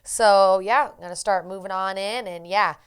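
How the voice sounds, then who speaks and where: A woman hosting a casual podcast in a smooth, resonant voice. She is playful and quick to laugh, and she moves the talk on to each new topic. She is from the United States. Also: mid-range voice. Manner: playful, laughs easily, steers to the next topic. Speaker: podcast host.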